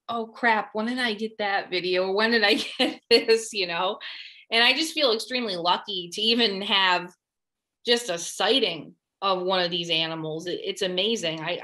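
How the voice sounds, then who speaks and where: A woman researching a lake monster, telling her story in an interview in a lively way and often quoting herself. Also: medium pitch. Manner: animated, quotes herself mid-story.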